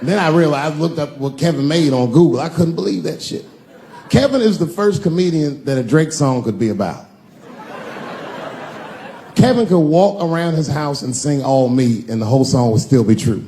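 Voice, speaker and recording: A male comedian performing a stand-up routine, spinning profane stories in a fairly high voice. A faint background hum sits under the live recording. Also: expressive, normal speed, mellow. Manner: profane, storytelling delivery with acted-out voices.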